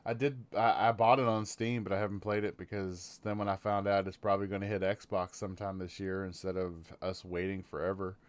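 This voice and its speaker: Man, podcast host, low smooth voice, wry, joking. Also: flat delivery, fairly quick, few pauses, dry recording. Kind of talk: casual chat.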